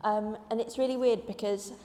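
A woman's voice: a little high, fairly even intonation, moderate pace, dark tone. A young woman with a neutral English accent and Mancunian touches, a panel guest chatting in a self-deprecating way. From Denmark and Manchester. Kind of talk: casual discussion. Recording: roomy hall reverb.

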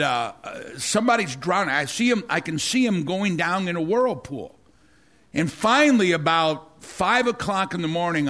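A middle-aged male pastor delivering a sermon through a long personal story. His voice sits a little high for a man, and he keeps doubling back on words, stammering and restarting as the story builds. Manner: rambling, repeats words, stammers and restarts when excited.

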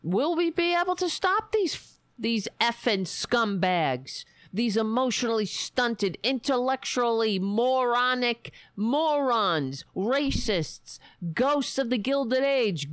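Female livestream host, angry profane rant, lively pitch, dry sound. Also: dry recording. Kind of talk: casual political rant.

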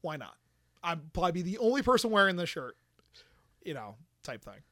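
A man casually telling a story on a podcast, animated and swearing, acting out quotes. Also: sits high, a little fast, no room sound, studio quality.

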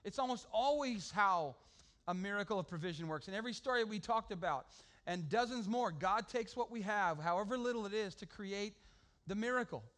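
A man preaching a sermon to a congregation, animated and joking with the crowd. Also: high-pitched, fairly quick. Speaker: pastor.

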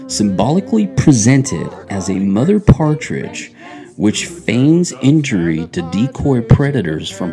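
Low gravelly upbeat man, podcast host. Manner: upbeat, chatty, reads passages aloud. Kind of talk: casual radio chat. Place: church radio studio.

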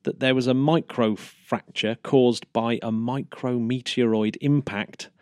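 A man's voice: medium pitch, steady tone, a little slow, darkish tone, no echo, clean studio sound. A man co-hosting a casual news chat, chatty, laughing often and restarting sentences. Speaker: podcast co-host.

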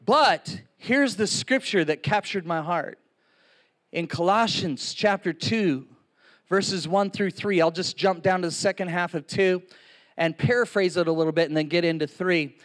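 High-voiced man preaching animatedly. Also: a little slow. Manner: animated storytelling with acted-out quotes. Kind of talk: sermon.

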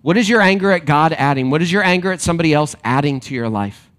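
A man preaching a sermon to a congregation, animated and emphatic, then dropping to quiet reflective questions. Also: fairly high pitch, quick pace. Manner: direct address to a congregation with rhetorical questions. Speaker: pastor.

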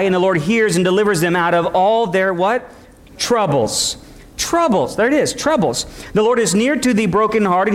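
A man preaching a sermon as pastor, acting out the voices of the people he describes and calling for responses from the congregation. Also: sits high. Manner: preaching, acts out quoted voices, calls for audience response.

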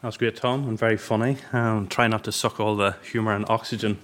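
A man's voice: lowish voice, fairly even intonation, fairly quick, a loud crowd, heavy background noise. A man hosting a books podcast, asking questions with dry teasing and frequent hesitations. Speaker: podcast host. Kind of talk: interview questions.

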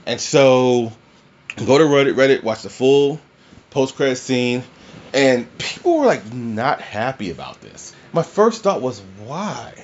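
A man's voice: mid-range voice, sing-song, a little slow, muffled recording. A man casually reviewing a film, rambling and swearing, full of fillers and restarts. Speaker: movie reviewer.

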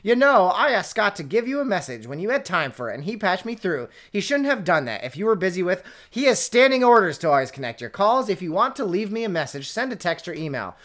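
A woman's voice: mid-range voice, very animated, quick pace, few pauses, fairly bright tone. A woman reading a novel aloud, voicing a brusque, commanding young man who is curt and impatient with his girlfriend. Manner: curt and impatient, then coaxing.

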